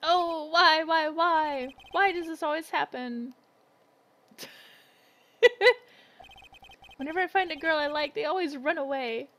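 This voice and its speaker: A woman's voice: high-pitched, slow, long pauses, a bit bright, exaggerated voice, low-quality recording. A woman reading the part of a goofy, lovesick young man who whines and dramatizes. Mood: whiny.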